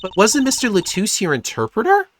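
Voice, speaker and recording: Young male lawyer, thoughtful and wry inner voice, animated pitch, read by a streamer. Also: fairly quick, a little hiss or hum. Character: earnest young male defense attorney.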